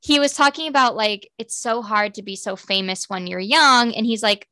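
Vocal fry runs through this young woman's mid-range voice, which sounds pushed and bright. She's a podcast co-host in her twenties, gushing through casual chat at a quick clip, fan-girly and leaning heavily on "like" as a filler.

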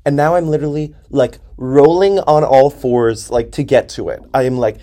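A young man with a New Jersey accent, hosting a podcast and ranting in an animated, profane, exaggerated way from a basement. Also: mid-range voice, moderate pace, hardly any pauses. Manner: animated, profane, hyperbolic ranting with frequent laughs. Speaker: podcast host. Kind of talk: casual comedic monologue. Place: parents' basement.

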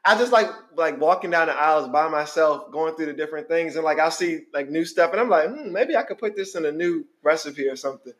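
A man with a noticeably high voice chats loosely as a podcast co-host. He jokes around, tells stories and breaks into laughter often. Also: brisk, few pauses. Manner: animated, joking, laughs often. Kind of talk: casual chat.

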